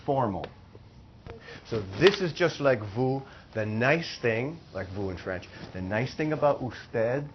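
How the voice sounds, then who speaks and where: A man teaching a Spanish class, explaining slowly and repeating phrases for the students. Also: medium pitch, dull audio, slight background noise. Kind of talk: classroom lesson.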